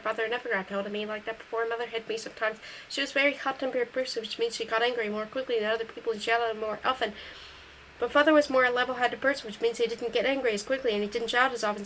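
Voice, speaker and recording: A woman reads a novel aloud in steady first-person narration. She reads quickly in a fairly high voice. Faint noise sits behind her. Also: low-quality recording. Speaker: audiobook reader.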